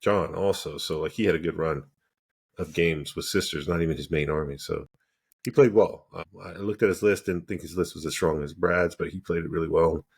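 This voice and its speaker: A man's voice: deep voice, fairly even intonation, brisk, husky. A man co-hosting a podcast, telling a story in casual chat and animatedly acting out the dialogue. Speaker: podcast co-host.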